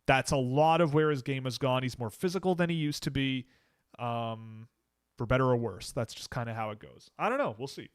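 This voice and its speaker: A man with a Canadian accent hosting a casual livestream, answering chat questions in a relaxed way and thinking aloud as he goes. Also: mid-range voice, moderate pace, clean tone, no room sound, clean studio sound.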